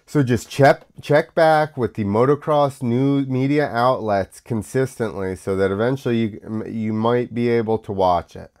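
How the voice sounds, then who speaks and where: An American podcast host with a medium-pitched, darkish voice rambles casually through his own show, unhurried and with few pauses. He's sick, so he coughs now and then, and his talk is full of fillers.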